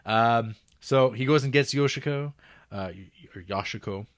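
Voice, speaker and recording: Man, podcast co-host, casual plot recap, acts out quoted lines, mid pitch, dry close mic. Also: moderate pace, dry recording. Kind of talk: casual film review chat.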